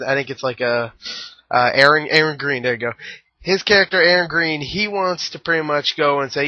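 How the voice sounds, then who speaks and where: A man's voice: mid-range voice, no room sound. Rambling young man reviewing a movie. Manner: rambling, jokey, crude asides, many fillers. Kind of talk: casual vlog movie review. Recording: dry, dull lo-fi home recording.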